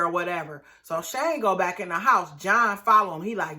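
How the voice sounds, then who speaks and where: A woman recapping a reality TV episode in casual commentary, animated and outraged, talking straight to her viewers. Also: lowish voice, moderate pace, few pauses.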